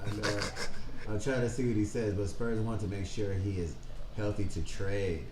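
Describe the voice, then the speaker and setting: A man co-hosting a podcast, casual and curious, keeps asking his partner questions in relaxed chat. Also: on the low side, normal speed, background noise. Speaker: podcast co-host, barber.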